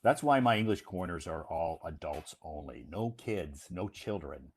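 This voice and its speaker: Husky-voiced man telling a rambling story. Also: low voice, expressive, unhurried. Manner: rambling, many fillers and restarts. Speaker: English teacher. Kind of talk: casual storytelling livestream.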